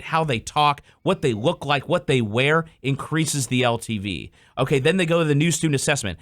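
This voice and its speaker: Explaining his points on a casual business podcast, this male host animatedly plays out exchanges with customers using quick character voices. His mid-range voice comes through at studio quality, free of room sound.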